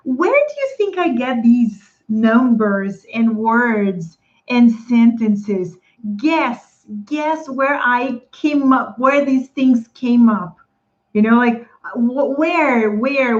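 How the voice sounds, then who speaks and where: A woman's voice: a little high, takes it slowly, highs cut off. A woman hosting a live stream for English teachers, upbeat and greeting viewers by name. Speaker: livestream host coaching English teachers.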